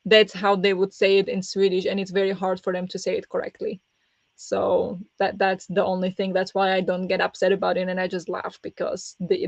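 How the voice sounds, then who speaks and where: A woman's voice: medium pitch, no room sound, muffled recording. A woman hosting a live reading sprint stream, chatting with viewers and laughing often, speaking English as a second language. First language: not English. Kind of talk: casual live-stream chat.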